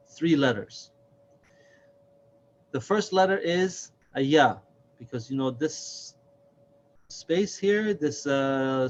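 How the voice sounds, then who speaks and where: A man's voice: fairly high pitch, dull audio. A man teaching a reading lesson step by step, patiently sounding out and repeating each syllable.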